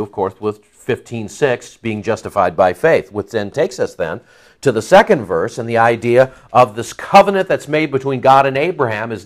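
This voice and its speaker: A man preaching an expository Bible sermon, stressing key words and repeating phrases for emphasis. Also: mid-range voice.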